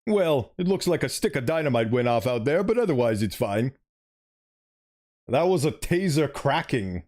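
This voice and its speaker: A man voicing an exhausted, worried male teacher in a game, talking in a tired, calming way. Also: medium pitch, moderate pace. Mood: weary. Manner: tired and reassuring.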